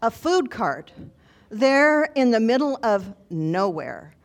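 A woman's voice: a little high, big pitch swings, takes it slowly. A woman telling a personal story to an audience in an earnest, reflective, conversational way.

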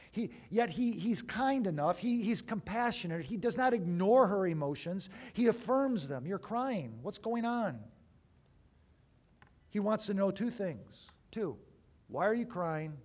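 A man preaching an Easter sermon as a pastor, moving between raised, emphatic phrases and hushed, slow ones with deliberate pauses. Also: sits high, lively intonation. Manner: dramatic swings between loud and hushed.

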